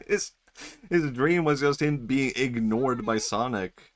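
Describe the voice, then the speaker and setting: A man's voice: mid-range voice, animated, slow. A man streaming a video game, chatting casually, laughing often, rambling and swearing. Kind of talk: casual gameplay commentary. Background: game music.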